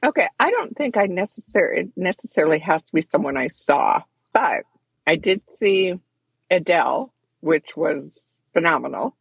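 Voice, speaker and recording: A woman's voice: lowish voice, animated, normal speed, creaky, breathy edge, no echo, low-quality recording. An older woman co-hosting a podcast in casual chat, eating while she talks and laughing often. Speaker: podcast co-host. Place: coffee shop.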